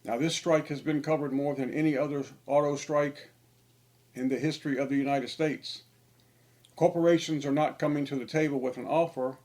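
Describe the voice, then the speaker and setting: Male online preacher, average pitch, insistent sermonizing delivery. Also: darkish tone. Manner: emphatic, preachy, repeats phrases for stress. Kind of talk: sermon-style monologue.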